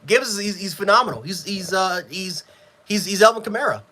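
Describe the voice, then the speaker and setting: A man giving a live sports reaction, frustrated and profane, swinging between yelling and low muttering. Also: fairly quick. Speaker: sports fan streamer.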